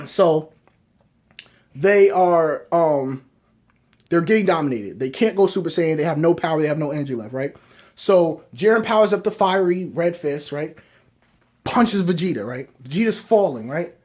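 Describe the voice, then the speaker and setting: A young man talks through a storyline in loose, rambling commentary, checking in with "right?" after almost every point. His voice sits high for a man and stays casual throughout. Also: lively intonation, normal speed, a little mellow. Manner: rambling, keeps asking "right?". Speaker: video reviewer.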